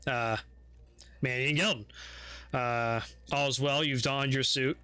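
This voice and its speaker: A man's voice: medium pitch, steady tone, slow pace, pushed and bright, smooth. A man narrating a tabletop game as game master, loose and casual with lots of fillers.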